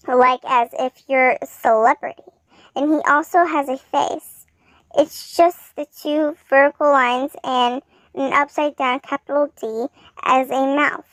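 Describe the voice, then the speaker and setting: Slow, high-voiced woman reading fanfiction. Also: steady tone, fairly bright tone, no echo. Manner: plain storybook narration. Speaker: fanfiction reader.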